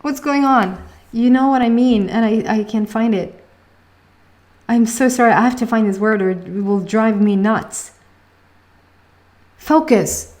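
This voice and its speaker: A woman's voice: medium pitch, a little mellow. A woman with a Swedish accent giving a casual tarot reading, chatty, laughing often and searching for words. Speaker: tarot reader.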